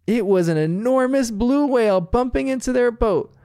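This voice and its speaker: A man's voice: extremely high pitch, expressive, normal speed, mellow, smooth, dry recording, clean studio sound, pitched above the performer's own voice. A man voicing a playful mother dog who narrates a pirate game in storybook tones. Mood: storytelling.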